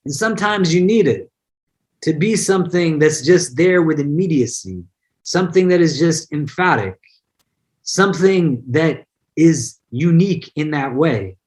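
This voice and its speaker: A man's voice: fairly high pitch, lively intonation, measured pace, darkish tone. A man, an imam, giving a conversational online religious lesson, explaining word meanings and mixing in personal anecdotes. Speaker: imam teaching an online class.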